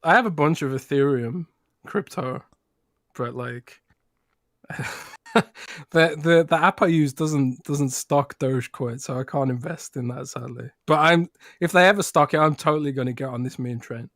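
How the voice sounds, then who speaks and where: A man's voice: mid-range voice, moderate pace, a bit bright, dry recording. Chatty British man on a podcast, dry sound. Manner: chatty, laughs easily, many restarts. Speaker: podcast co-host. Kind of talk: casual podcast chat.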